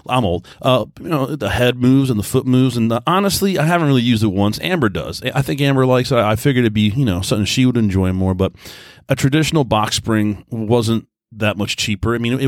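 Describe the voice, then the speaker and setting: A man hosting a podcast, telling a long casual story in a rambling, chatty way, full of restarts, easygoing and mellow. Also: mid-range voice, no echo, studio quality. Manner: easygoing, self-described mellow. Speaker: podcast host. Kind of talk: casual monologue.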